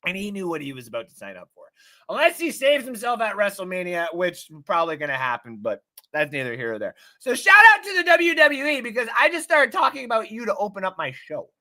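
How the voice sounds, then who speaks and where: A male sports show host chats loosely to his live-stream viewers, thanking them by name between topics. He talks in an excitable, profane, rambling way. His voice is bright and lively, with big swings in pitch. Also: brisk. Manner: reads out and thanks chat viewers.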